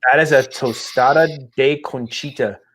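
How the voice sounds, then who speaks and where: A middle-aged man co-hosting a podcast in casual chat, reading menu items aloud with excitement. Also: mid-range voice, moderate pace. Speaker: podcast co-host.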